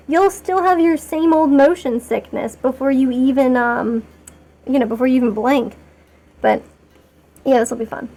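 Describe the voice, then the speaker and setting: High-voiced chatty woman streamer. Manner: rambling and chatty, talking to chat while playing; self-mocking and excitable. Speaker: game streamer. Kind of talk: casual live-stream commentary.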